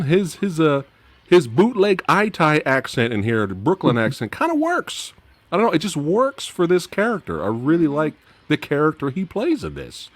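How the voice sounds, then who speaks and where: Lively, laughing man reviewing films. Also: dry recording. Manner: animated, laughing often, dropping low at phrase ends. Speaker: podcast host. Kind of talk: casual movie-review chat.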